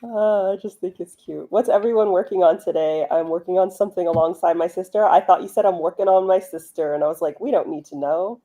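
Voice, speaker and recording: A woman's voice: fairly low pitch, brisk, hardly any pauses, warm tone. A woman with a Californian accent, hosting a casual chat and explaining things with examples. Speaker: host.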